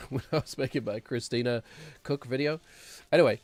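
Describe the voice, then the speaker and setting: A man's voice: mid-range voice, normal speed, dry recording, soft background music. A man streaming a game, rambling and sarcastic, chuckling as he talks. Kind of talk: casual gameplay commentary.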